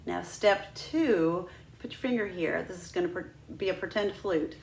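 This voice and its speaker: A woman's voice: fairly low pitch, normal speed, vocal fry, darkish tone, echoey room. A woman teaching a flute lesson, patient and demonstrative, walking students through each step. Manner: patient, demonstrative, breaks into sung "ha ha" drills. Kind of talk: instructional lesson.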